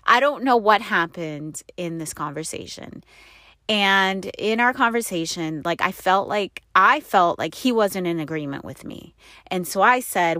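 Rambling, low-voiced woman telling a story. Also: lively intonation, measured pace, pushed and bright, no echo, clean studio sound. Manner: rambling and confessional, with many fillers and self-corrections; breaks into laughter often. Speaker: wife sharing a personal story. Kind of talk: candid personal storytelling to the camera.

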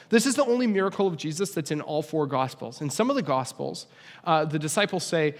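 A young pastor delivers a relaxed, conversational sermon sprinkled with funny asides. His voice is fairly high, animated and quick, and the recording carries a long hall reverb.

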